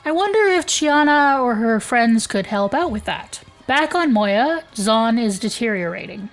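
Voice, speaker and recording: A woman's voice: on the high side, animated, a little slow, soft background music. A woman co-hosting a podcast, chatting casually, laughing often and reading an episode summary. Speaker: podcast co-host.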